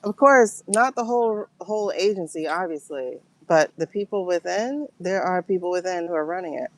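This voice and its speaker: A woman's voice: fairly low pitch, moderate pace, darkish tone, no room sound, rough recording. A woman giving a livestream tarot and pendulum reading, talking to her viewers in an emotional, exclaiming way.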